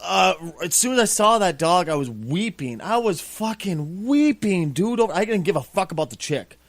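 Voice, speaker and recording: A man co-hosting a casual podcast, telling stories bluntly with lots of swearing and sudden excited outbursts. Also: high-pitched, normal speed, no room sound. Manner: blunt, profane, excitable storyteller. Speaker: podcast co-host.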